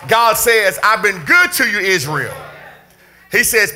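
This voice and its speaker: A middle-aged man from the preaching with fervor, his voice pitched unusually high and ringing very bright. He swings from easy storytelling to full-throated shouts that drive each point home. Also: sing-song, unhurried. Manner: fervent preaching, often shouting with emphasis. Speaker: pastor. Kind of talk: sermon. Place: church sanctuary.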